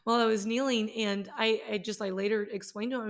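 A woman's voice: mid-range voice, steady tone. Earnest woman sharing her faith. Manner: earnest, heartfelt, halting with many restarts. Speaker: middle school teacher sharing her faith. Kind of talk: personal faith vlog.

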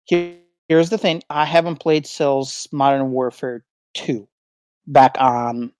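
A man co-hosting a casual gaming podcast, relaxed and easygoing. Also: medium pitch, takes it slowly, no room sound. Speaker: podcast co-host.

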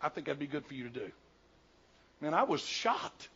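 This is a man in his sixties from the Southern United States, preaching a sermon in a church. His voice sits somewhat high and swings between loud, quick bursts and hushed, slow stretches. The recording is dull and lo-fi. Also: sing-song, breathy edge. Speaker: pastor. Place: church sanctuary.

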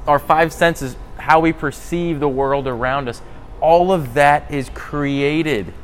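Guy doing a casual bible teaching, earnest, keeps restarting sentences, bit of faint noise behind. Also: on the high side. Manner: earnest, thinking aloud, frequent restarts.

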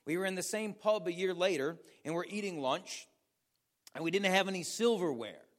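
An American man, a pastor, preaching a sermon with animated storytelling and questions for the audience. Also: high voice, moderate pace. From United States.

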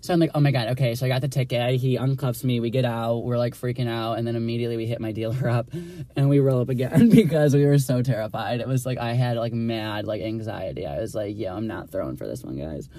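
A man's voice: medium pitch, fast, warm tone, no room sound. A young man telling a personal story in a casual, profane, sassy way, full of "like" fillers. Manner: chatty, profane, filler-heavy with constant "like"; dramatic, sassy retelling.

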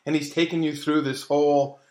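A man's voice: fairly high pitch, level tone, fairly quick, darkish tone, echoey room. A man co-hosting a podcast, chatting casually in a playful, teasing way. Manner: playful, teasing, acts out quoted voices. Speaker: podcast co-host. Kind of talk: casual chat.

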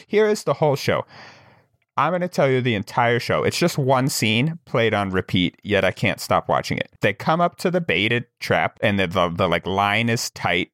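Podcast co-host, man, low register, chatty storyteller with lots of fillers. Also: a bit bright, no room sound, studio quality. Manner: rambling storyteller, many fillers. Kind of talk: casual chat.

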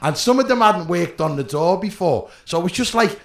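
A man with a Scouse accent telling rowdy stories in casual chat, swearing and laughing loudly. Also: high-pitched, expressive, brisk, roomy sound. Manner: swearing, storytelling, loud laughs. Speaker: podcast guest.

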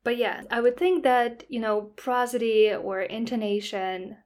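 A woman who is a native Russian speaker, a podcast guest explaining language and the brain in a relaxed way, with many "you know" fillers. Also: fairly high pitch, a little slow. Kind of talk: casual podcast interview.

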